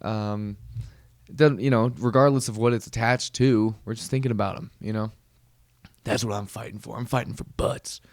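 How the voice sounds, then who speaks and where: Man, podcast host, rambling comedic monologue, lowish voice, dry close sound. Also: steady tone, moderate pace, dry recording. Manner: rambling, joking, full of fillers and restarts.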